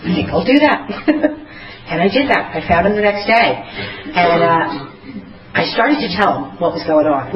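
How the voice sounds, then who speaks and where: A woman's voice: medium pitch, expressive, normal speed. A woman speaking at a recovery meeting, telling her own story and acting out the dialogue she quotes. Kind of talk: personal testimony talk. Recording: echoey lo-fi hall recording.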